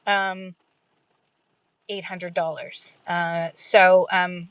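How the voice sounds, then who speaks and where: A woman's voice: fairly low pitch, level tone, very slow, a bit bright, smooth, no room sound. A woman hosting a casual livestream chat for sellers, talking in a rambling, self-deprecating way and laughing often. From Canada.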